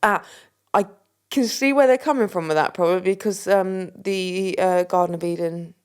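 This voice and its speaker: A woman's voice: fairly low pitch, moderate pace, a little mellow, smooth. A British woman co-hosting a podcast, tossing in playful, jokey comebacks. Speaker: podcast co-host. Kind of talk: casual podcast chat.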